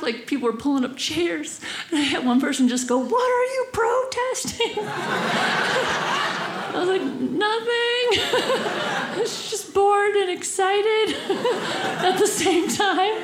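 A young woman telling a stand-up story on a club stage, giggling often, saying "like" a lot and putting on squeaky voices. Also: background noise. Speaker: stand-up comedian. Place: comedy club stage before a laughing audience. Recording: roomy live club sound with audience.

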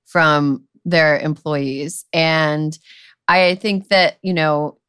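A woman's voice: low-pitched, fairly even intonation, extremely slow, a bit bright, clear, resonant tone, no echo, studio quality. A woman co-hosting a podcast, talking in a loose, rambling way with lots of "like" and "you know". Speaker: podcast co-host. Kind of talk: casual conversational chat.

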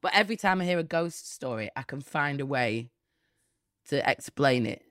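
A woman's voice: very deep voice, expressive, normal speed, a bit bright, dry recording, studio quality. Wry woman podcast host. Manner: joking, wry. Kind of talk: casual chat.

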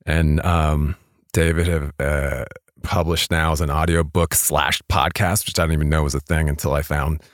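A man with a low voice hosts a podcast interview, rambling a little and circling back through fillers and restarts. His voice sits close and dry on a studio mic, with no room around it. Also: level tone, moderate pace, no echo. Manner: rambling, self-deprecating, many fillers and restarts. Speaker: podcast host. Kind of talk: casual interview chat.

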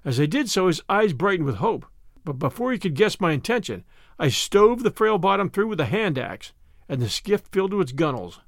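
A man narrating an adventure audiobook with an expressive, dramatic delivery. His voice sits a little high and moves a lot in pitch. The sound is dry and close, with no room around it. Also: brisk, no room sound. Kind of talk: first-person scripted narration.

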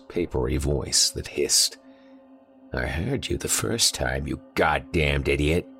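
Very deep gravelly male horror narrator. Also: a bit bright. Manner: first-person, tense, measured storytelling. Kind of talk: scripted horror story narration.

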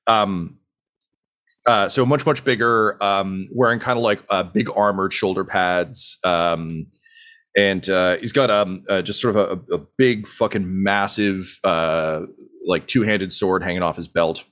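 A man's voice: low-pitched, fairly even intonation, a little slow, fairly bright tone. A man narrating a tabletop game as game master, loose and rambling with lots of fillers.

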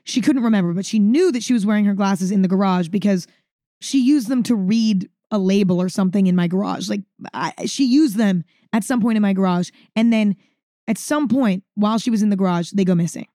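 A woman's voice: mid-range voice, a little fast, dry recording, clean studio sound. A woman hosting a podcast, telling a story in a casual, chatty way and saying "like" often. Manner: chatty, says "like" often, animated. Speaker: podcast host.

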